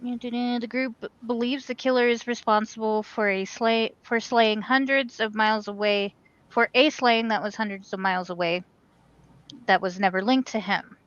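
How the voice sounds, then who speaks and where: A woman's voice: on the high side, steady tone, moderate pace, dry recording. A woman co-hosting a podcast in casual chat, chatty and stumbling a little when reading news aloud, on a dry, dull-sounding mic. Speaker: podcast co-host.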